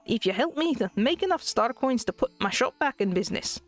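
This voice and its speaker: A woman putting on a high miserly old Scottish duck. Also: lively intonation, a little fast, natural voice. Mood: pompous. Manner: reading on-screen dialogue aloud in a raised, attempted brogue. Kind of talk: reading game dialogue aloud.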